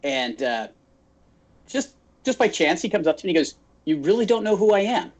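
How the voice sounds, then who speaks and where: A man from Phoenix, Arizona, co-hosts a podcast, his voice sitting high and his pace brisk. In casual chat he tells stories as an animated storyteller, acting out the quotes as he goes.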